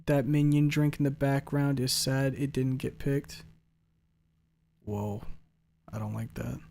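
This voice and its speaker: A young man chatting on a live stream, joking and rambling as he reads out messages from viewers. His talk swings between quiet, mumbled asides and loud, excited outbursts. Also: mid-range voice, slow pace, vocal fry. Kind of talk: casual chat reading out viewer messages.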